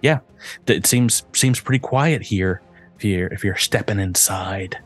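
A man narrating as game master of a tabletop game, talking in a halting way with many restarts. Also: on the low side, husky, faint music behind.

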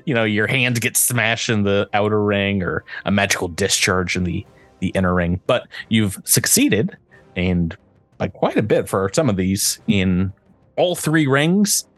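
A man with a fairly low voice runs a tabletop role-playing game. He narrates the scene in a halting way, restarting often. His delivery is loose and unscripted. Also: expressive, fairly bright tone, no room sound. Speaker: game master.

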